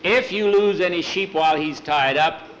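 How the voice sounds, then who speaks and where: A man voicing a calm, reasonable middle-aged male farmer who pleads patiently with a friend. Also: a little high, normal speed, a little hiss or hum, pitched above the performer's own voice, lightly acted, poor audio. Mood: pleading.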